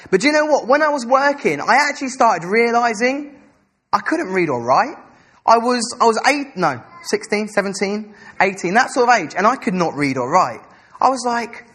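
A young man giving an informal sermon, chatty and self-deprecating, reading scripture slowly and stumbling over names. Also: high voice, sing-song, pushed and bright, husky. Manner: slow careful scripture reading. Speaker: preacher.

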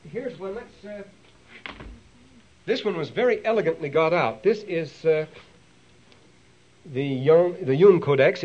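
A man's voice: mid-range voice, dull audio. A man giving a classroom lecture, talking in a discursive way with many asides and restarts. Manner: reads quoted passages aloud with lively emphasis.

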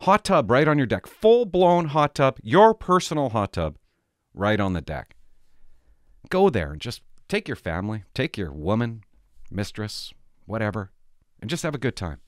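A man's voice: mid-range voice, very animated, normal speed, dry recording, clean studio sound. A middle-aged man vlogging, telling rambling stories in casual chat with many restarts.

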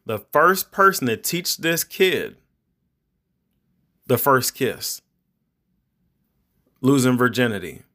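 Middle-aged male podcast host, mid-pitched, loose and rambling, lectures parents like a preacher. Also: big pitch swings, slow, long pauses, sharp tone. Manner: rambling, conversational, preachy advice. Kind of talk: casual monologue podcast.

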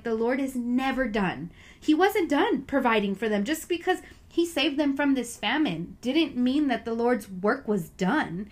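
Earnest chatty woman, slightly high voice. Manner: chatty, earnest, full of "you know" and "like". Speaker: Bible study speaker. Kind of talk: casual Bible reflection.

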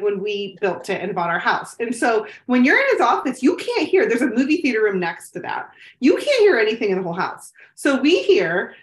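High-voiced rambling woman, echoey room. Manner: rambling animated storytelling, many fillers. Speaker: podcast co-host. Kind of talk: casual chat.

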